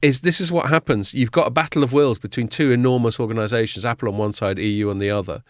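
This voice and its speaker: A man's voice: mid-range voice, quick pace, no echo, clean studio sound. A man hosting a casual podcast chat, talking in a loose, swearing, filler-heavy way. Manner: chatty, swears casually, many fillers and restarts. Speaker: podcast host.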